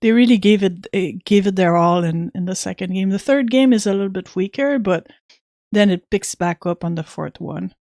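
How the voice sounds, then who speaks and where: Woman streamer gabbing w/ chat about old games, dry no-room sound, avg pitch. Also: normal speed, a little mellow, no echo. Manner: chatty, thanks viewers, reads game text aloud. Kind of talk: casual game stream chat.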